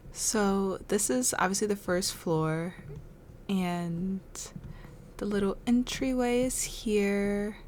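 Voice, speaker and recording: Giggling frequently, a woman with a medium-pitched voice gives casual commentary while hosting a life-sim let's play. Her manner is relaxed, unhurried, chatty, and amused, with faint hiss under the desk mic.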